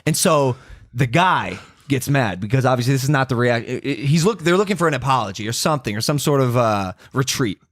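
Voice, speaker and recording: A man in his twenties, a podcast host, telling a story in casual chat and jumping up high for excited quotes. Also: fairly quick, dry recording, clean studio sound. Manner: animated, jumps up in pitch for excited quotes.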